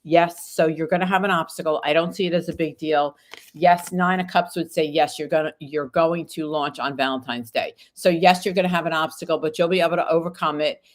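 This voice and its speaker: A woman's voice: sits low, fairly even intonation, fairly quick. A woman reading tarot cards on a live stream, reading viewers' questions aloud and answering them card by card while recovering from an illness. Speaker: tarot reader.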